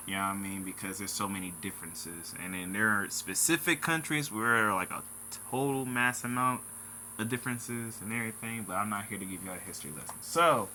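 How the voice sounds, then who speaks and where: A man's voice: lowish voice, fairly even intonation, brisk, bright, forceful tone, slight background noise. A man hosting a casual vlog, talking in loose slang and calling his viewers bro and dog. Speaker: channel host.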